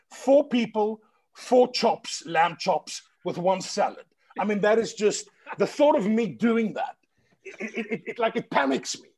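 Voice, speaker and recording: A man from South Africa, a guest chatting on a podcast and telling lively anecdotes full of quoted voices. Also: high voice, slightly rough. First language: Greek heritage, bilingual. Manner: animated storyteller, mimics people in quoted voices. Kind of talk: casual podcast chat.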